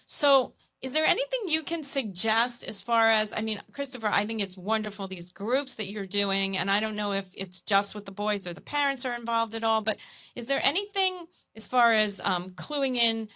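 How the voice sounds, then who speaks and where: A woman's voice: on the high side, moderate pace, pushed and bright. A woman hosting a podcast interview, chatting and affirming her guests as she asks questions. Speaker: podcast host. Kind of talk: conversational interview.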